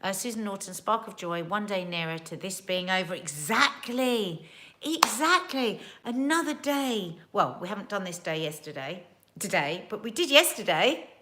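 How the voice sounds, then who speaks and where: A woman's voice: mid-range voice, expressive, normal speed, a bit bright. A woman hosting a casual livestream from home, reading viewer comments aloud in a chatty, earnest and emotional way.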